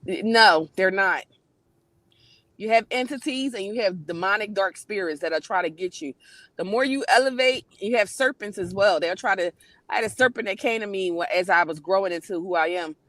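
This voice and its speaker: A woman's voice: mid-range voice, moderate pace, a bit bright, no echo. Woman panel guest, emphatic and preachy, mid-range voice, dry close sound. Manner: emphatic, preachy, blunt and profane. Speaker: guest on a spiritual talk panel. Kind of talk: casual livestream chat.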